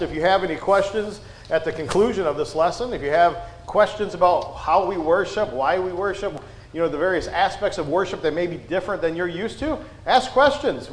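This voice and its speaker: High-voiced preacher in an echoey church. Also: male voice. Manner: folksy, frequent "uh" and "right?" asides. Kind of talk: conversational sermon. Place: church sanctuary. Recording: roomy church echo.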